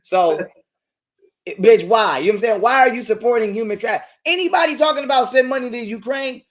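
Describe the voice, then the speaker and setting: High-voiced ranting man on a livestream. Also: brisk. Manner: ranting, crude, emphatic. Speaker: livestream guest. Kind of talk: profane livestream rant.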